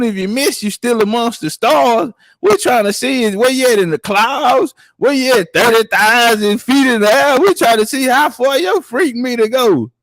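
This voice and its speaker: Animated high-voiced man telling stories. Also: dry recording. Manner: animated, profane, acts out quoted people. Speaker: podcast guest. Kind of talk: casual storytelling.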